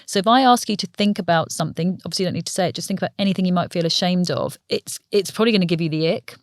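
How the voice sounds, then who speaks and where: A woman's voice: lowish voice, racing, dry recording. Earnest woman coach, dry sound. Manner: earnest, open, explanatory. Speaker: performance coach guest. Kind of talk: podcast interview.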